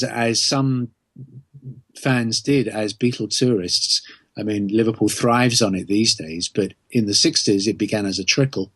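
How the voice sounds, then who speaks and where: A middle-aged man, answering podcast interview questions as an author in a thoughtful, measured way, with frequent ums. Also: medium pitch, no room sound. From England.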